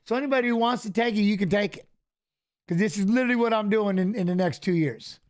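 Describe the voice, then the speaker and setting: A man's voice: high-pitched, fast talker. A middle-aged man co-hosting a live fight watch-along, telling stories casually and acting out the dialogue he quotes. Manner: animated, acts out quoted dialogue, repeats "I go". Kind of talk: casual storytelling on a live stream.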